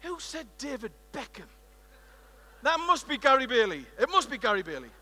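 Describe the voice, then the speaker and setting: A British keynote speaker with a very high, bright voice tells a story on a conference stage. He keeps pulling the audience in with questions, and his voice rings through the long reverb of a large hall. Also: normal speed. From United Kingdom. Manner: lively, engaging the audience directly.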